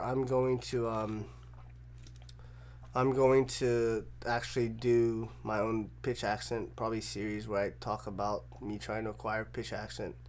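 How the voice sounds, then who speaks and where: Young man, livestream co-host, joking banter, faint noise behind. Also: lowish voice. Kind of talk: casual livestream chat.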